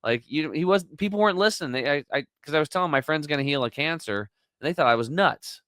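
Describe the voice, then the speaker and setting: A man's voice: a little high, animated, quick pace, a bit bright, smooth, no echo. A man talking as a podcast guest, telling his story and acting out quoted dialogue with animation. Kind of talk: conversational storytelling.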